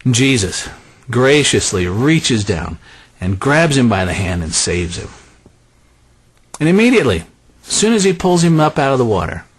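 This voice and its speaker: Brief: conversational male preacher; animated delivery that drops soft on key phrases. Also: mid-range voice, normal speed, pauses often, breathy edge. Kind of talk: sermon.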